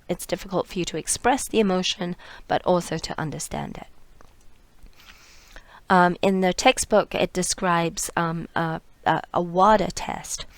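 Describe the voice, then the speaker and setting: A woman's voice: fairly low pitch, dry recording. A woman narrating a lecture over slides, explaining step by step with fillers and restarts, sometimes trailing off to a near whisper.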